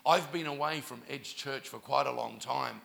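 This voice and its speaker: A middle-aged man, a pastor, preaching a sermon and telling stories with lively acted-out dialogue. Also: medium pitch, normal speed, vocal fry. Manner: animated preacher, acting out quoted dialogue. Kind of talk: sermon with storytelling.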